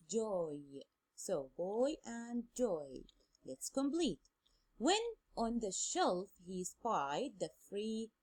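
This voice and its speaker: A woman teaches English sounds at a deliberate pace, repeating each word several times. Her voice is husky and mellow, with a lively rise and fall in pitch. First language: Arabic. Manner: slow, drilling words by repetition. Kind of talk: phonics lesson, bilingual explanation.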